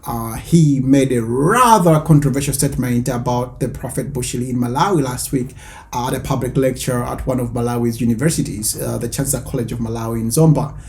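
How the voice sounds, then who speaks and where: A man hosting an online news commentary show, explaining events in a measured way with some fillers. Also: mid-range voice, creaky, a little mellow.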